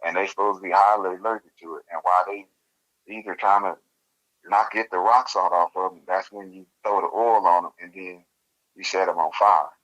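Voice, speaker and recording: A man retelling a calm, matter-of-fact female boss. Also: sits low, brisk, highs cut off.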